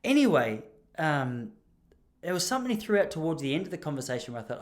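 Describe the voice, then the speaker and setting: A man's voice: fairly high pitch, sing-song, fast talker. Rambling young Australian man telling stories. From Traralgon, Gippsland, Australia. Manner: rambling, self-mocking, frequent restarts. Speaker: podcast host. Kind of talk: casual storytelling.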